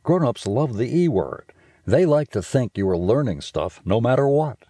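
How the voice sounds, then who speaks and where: A man voicing an excitable young boy who loves smells, eager and boastful. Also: mid-range voice, moderate pace, dry recording, clean studio sound, voice pushed up.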